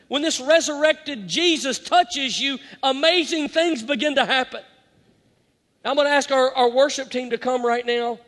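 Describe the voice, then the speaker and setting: High-pitched guy preaching, big echo hall, goes loud then soft. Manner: dramatic, varies loud and soft, quotes scripture. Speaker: pastor. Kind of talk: sermon. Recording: long hall reverb.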